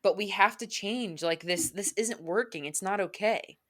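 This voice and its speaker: A woman's voice: medium pitch, moderate pace, fairly bright tone. A young woman co-hosting a podcast, ranting candidly in casual chat, full of "like" and swearing. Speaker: podcast co-host.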